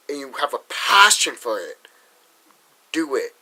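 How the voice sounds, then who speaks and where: A young man from Massachusetts rants into the camera with a tense, forceful voice pitched a little high. He talks bluntly and swears, stopping and restarting his sentences as he vents. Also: very animated, rough recording. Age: young adult. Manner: blunt, profane, halting with restarts. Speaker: vlogger. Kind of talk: frustrated vlog rant.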